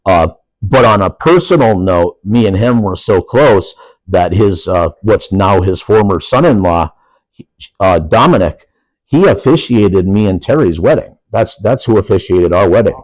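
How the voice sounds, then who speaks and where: Chatty low-voiced Yooper man. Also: expressive, normal speed, a little mellow, dry recording, rough recording. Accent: Upper Peninsula Michigan. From Upper Peninsula of Michigan. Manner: rambling, laughs easily, restarts often. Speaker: wrestling guest. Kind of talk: casual podcast chat.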